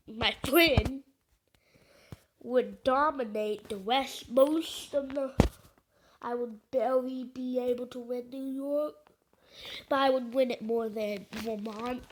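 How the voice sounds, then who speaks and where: A video creator with a fairly high voice chats casually over an election map, rambling and hesitant, full of fillers and self-deprecating jokes. The low-quality recording carries a slight hiss or hum.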